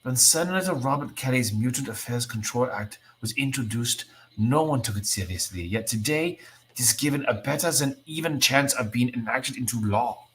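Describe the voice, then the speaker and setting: A man's voice: medium pitch, lively intonation, normal speed, fairly bright tone, pitched above the performer's own voice, close to an everyday voice, rough recording. A man voicing a weary, disillusioned male mutant hero who has lost faith in the cause, read aloud with impassioned conviction. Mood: brooding.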